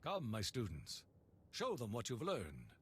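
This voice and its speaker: An actor playing a calm Jedi master who addresses his students in a measured way. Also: medium pitch, breathy edge, exaggerated voice. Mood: solemn. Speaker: game character.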